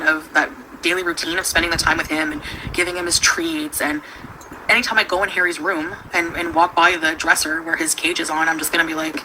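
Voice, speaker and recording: A young woman, chatting on a home livestream in a rambling way with many fillers and quick laughs. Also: sits low, sharp tone. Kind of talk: casual livestream chat. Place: at home with her pets. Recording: noisy home stream recording.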